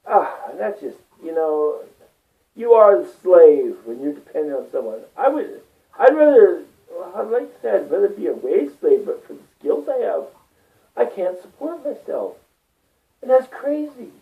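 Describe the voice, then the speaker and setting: A man's voice: sits high, sing-song, moderate pace, vocal fry. A man rambling through a personal monologue, swearing often and getting worked up as he talks. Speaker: vlogger. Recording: distant tinny phone-like sound.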